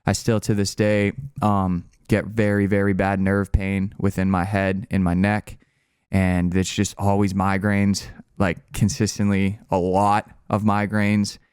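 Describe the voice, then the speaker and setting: A man's voice: on the low side, completely flat delivery, measured pace, a little mellow, clear, resonant tone, dry recording, clean studio sound. Candid young man telling a crash story. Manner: rambling, candid, frequent fillers and restarts. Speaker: channel co-host. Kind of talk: casual storytelling.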